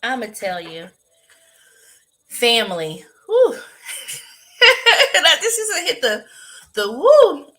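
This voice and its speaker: Female co-host, bright slightly high voice, emphatic casual storyteller. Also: huge pitch swings, slow pace, pauses often, rough recording. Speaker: podcast co-host. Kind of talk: casual chat.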